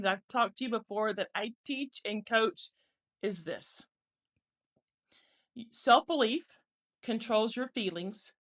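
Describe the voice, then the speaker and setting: A woman career coach giving an encouraging motivational talk to camera, slowing down to stress key phrases. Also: fairly high pitch, a bit bright.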